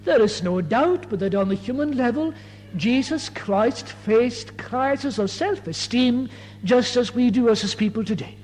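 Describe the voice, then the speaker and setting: A man's voice: very high voice, lively intonation, a little slow, darkish tone, in a large hall, a little hiss or hum, low-quality recording. A man preaching a sermon from the pulpit, earnest and emphatic, piling up rhetorical questions.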